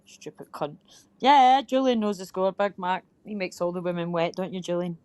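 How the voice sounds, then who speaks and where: A woman's voice: fairly low pitch, moderate pace, darkish tone, smooth, no echo. A woman hosting a livestream in casual chat, teasing people with lots of swearing and laughter. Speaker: livestream host.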